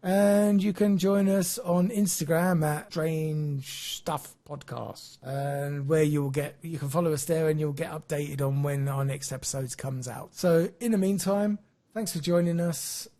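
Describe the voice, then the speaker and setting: A podcast co-host chatting casually, excitable and ranting, laughing often. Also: mid-range voice, a little slow.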